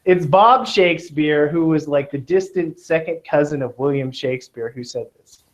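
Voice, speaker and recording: Here the Southern Californian tutor sounds a little high but dark in tone, talking at a normal speed. It's a classroom lecture for test prep, captured in dull lo-fi quality, and he keeps joking with and checking in on the class.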